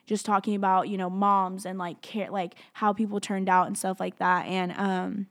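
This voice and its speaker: A young woman telling a personal story, halting and candid, with many fillers and restarts as she talks openly about her feelings. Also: medium pitch, level tone. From outside the US.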